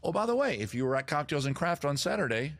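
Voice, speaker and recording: A man's voice: fairly high pitch, sing-song, fast, fairly bright tone, no echo. A man hosting his own live stream, chatting casually to viewers with jokey, self-mocking asides. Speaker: streamer host.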